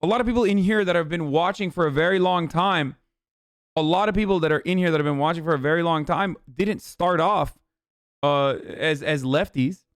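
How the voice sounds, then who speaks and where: A man's voice: on the high side, a little fast, no echo, studio quality. A young man hosting a live stream, ranting with profanity and exasperation at his chat. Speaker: livestream host.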